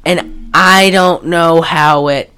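With a deep, smooth voice, a woman takes her time recapping a film on the podcast she co-hosts. The chat is casual, spirited and profane, peppered with filler words and laughs.

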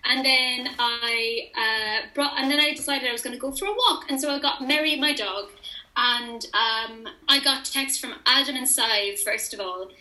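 A woman's voice: fairly high pitch, moderate pace, reverberant, poor audio. A young woman telling a story in casual chat, acting out the quoted dialogue. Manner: animated storyteller who acts out quoted dialogue. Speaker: interview guest.

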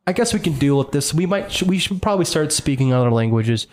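Fussy, suspicious little woodland critters in a tabletop game, questioning, lively pitch, as the game master voices them. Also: fast, natural voice. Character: group of suspicious, fussy small woodland creatures.

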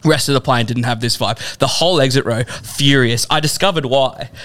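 This podcast co-host, a man with a medium-pitched voice, speaks a little fast as he tells a funny story. He's animated, laughing through the tale and swearing freely.

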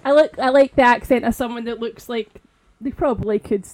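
A woman's voice: on the high side, fairly even intonation, fairly quick, a little mellow. A young Scottish woman co-hosting a podcast, chatting casually in a blunt, teasing way and laughing often. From Scotland. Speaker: podcast co-host. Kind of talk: casual chat.

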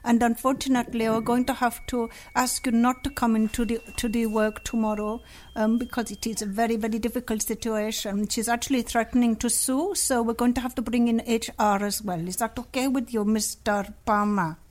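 A woman's voice: on the high side, level tone, a little fast, a little mellow, lightly acted. A woman playing a stern, bureaucratic female complaints officer with a put-on Indian accent on a prank phone call, full of hesitations. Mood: officious.

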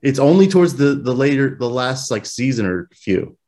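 A man's voice: mid-range voice, lively intonation, moderate pace, dark tone. A man co-hosting a podcast in casual chat, joking and profane. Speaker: podcast co-host.

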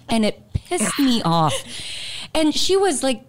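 A woman in her thirties, chatting on a podcast at a middling pitch. She tells stories candidly and with lots of life. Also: moderate pace. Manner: candid, animated storytelling. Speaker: podcast co-host. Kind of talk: casual chat.

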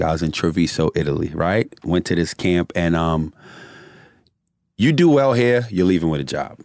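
A man's voice: low voice, darkish tone, no room sound, studio quality. A middle-aged man telling his story in casual, profane conversation and laughing often as he talks.

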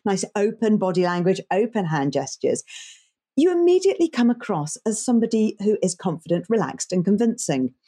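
A woman voice coach giving emphatic, animated advice as a guest in a podcast interview. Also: medium pitch, husky. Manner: animated and emphatic, stresses key words.

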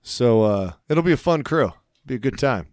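Man, middle pitch, laughing easily, swearing often, casual podcast banter, dry close sound. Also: lively intonation, moderate pace, a little mellow, dry recording. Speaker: podcast co-host.

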